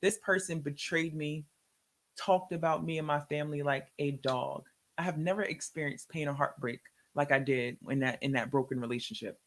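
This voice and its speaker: A woman telling an emotional personal testimony in a conversation, animated and acting out the words in quotes. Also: low-pitched, normal speed. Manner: animated, acts out her own and others' words in quotes. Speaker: guest sharing a testimony.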